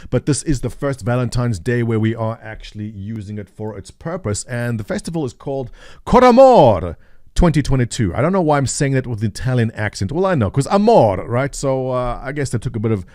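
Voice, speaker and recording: A man's voice: medium pitch, fast, few pauses, darkish tone, no echo, studio quality. Chatty man commenting on game news. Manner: chatty, jokey, with frequent uh fillers. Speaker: gaming video host. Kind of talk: casual gameplay commentary.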